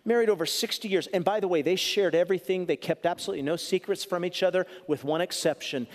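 High-voiced preacher in a reverberant hall. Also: male voice, animated, fast, few pauses. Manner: storytelling preacher, shifts from loud punchy lines to soft earnest asides. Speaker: pastor. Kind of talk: sermon.

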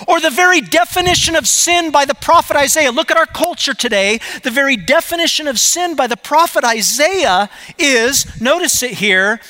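A middle-aged man preaching a sermon, swinging between loud emphatic urging and quiet storytelling. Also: extremely high pitch, expressive, moderate pace, few pauses. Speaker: pastor.

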